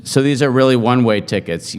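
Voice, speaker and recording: A middle-aged man giving a humorous after-dinner speech, joking in a deadpan, self-mocking way to an audience in a large hall. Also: mid-range voice, a little fast. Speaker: speaker at a forum. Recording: hall reverb.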